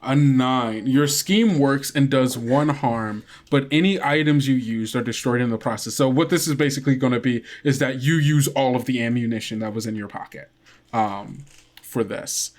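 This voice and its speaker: A man's voice: mid-range voice, normal speed. A man, the game master and podcast host, narrating a tabletop game with rambling, filler-heavy description.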